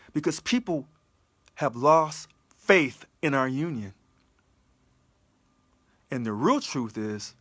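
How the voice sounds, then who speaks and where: A man's voice: a little high, fairly bright tone, no room sound. A man giving an impassioned livestream address as a union election candidate, emphatic, full of repeated rhetorical questions. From California.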